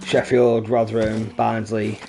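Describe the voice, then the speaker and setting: A man's voice: fairly low pitch, completely flat delivery, a little slow, vocal fry, a crowd in the background. A young man with a mix of Lincolnshire and Yorkshire accent, chatting casually and swearing freely while streaming a game. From England. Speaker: gaming streamer. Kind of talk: casual gameplay chat.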